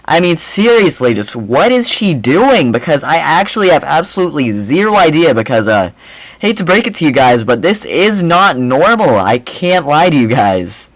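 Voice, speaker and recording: Young male reaction host, mocking and rambling, very animated delivery, dry close mic. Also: a little high, normal speed, no echo, low-quality recording. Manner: mocking, animated, rambling with repeated "I mean, seriously". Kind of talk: casual reaction commentary.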